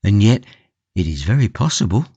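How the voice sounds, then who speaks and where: A man voicing a gentle, devoted young woman in an audiobook, in a softly pleading, eager manner. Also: fairly low pitch, sing-song, moderate pace, husky, no echo, heavily acted. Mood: earnest. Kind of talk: audiobook character reading.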